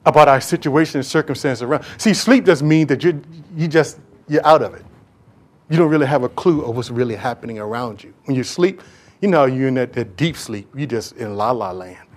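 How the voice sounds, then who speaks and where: A pastor preaching a sermon emphatically, often repeating words for stress. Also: male voice, mid-range voice.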